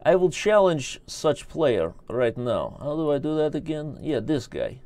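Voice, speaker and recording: A man's voice: a little high, very animated, unhurried, a little mellow, dry recording. A man putting on a thick, stilted accent. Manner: broken, stilted English. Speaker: online chess streamer.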